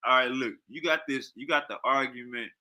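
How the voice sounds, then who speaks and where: A man's voice: medium pitch, fairly quick, bright, forceful tone. A man, reacting to a video in heated, profane, repetitive commentary. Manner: heated, profane, slangy, repeats himself. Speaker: reaction streamer.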